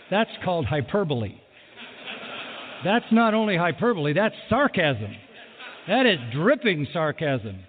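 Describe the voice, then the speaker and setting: A man preaching a sermon with lively delivery who acts out the people he quotes, recorded in a large hall. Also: high-pitched. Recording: phone-like sound with long hall reverb.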